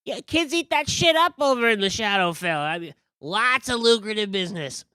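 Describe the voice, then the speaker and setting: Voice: medium pitch, expressive, normal speed, pushed and bright, clear, resonant tone, dry recording, pitched above the performer's own voice. A game master voicing a cheeky, pushy male candy vendor with a pumpkin for a head, talking in a brash, streetwise way. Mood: hawking.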